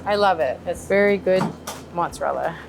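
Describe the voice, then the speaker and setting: Middle-aged female restaurant owner, lowish voice, plain and matter-of-fact. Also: normal speed, creaky, a little hiss or hum. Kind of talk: casual interview.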